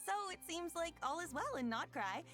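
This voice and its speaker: A woman's voice: very high voice, expressive, moderate pace. A woman hosting a scripted game broadcast in a cheerful, giggly manner. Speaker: program host. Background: background music.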